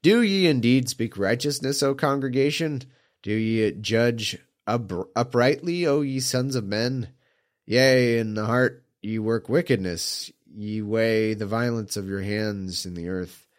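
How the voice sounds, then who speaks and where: A slightly hoarse man reading old scripture aloud and breaking off into mocking, incredulous asides. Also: medium pitch, a little slow.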